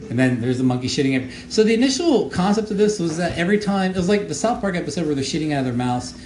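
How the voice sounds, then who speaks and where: A man who made the show gives casual audio commentary, rambling and halting with many fillers and repeated words. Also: fairly high pitch, sing-song, darkish tone. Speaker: show creator giving commentary. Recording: echoey room with faint noise.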